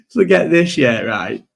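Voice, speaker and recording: A man's voice: high voice, vocal fry. A young man hosting a casual live-stream chat, rambling through stories with lots of swearing and frequent laughter.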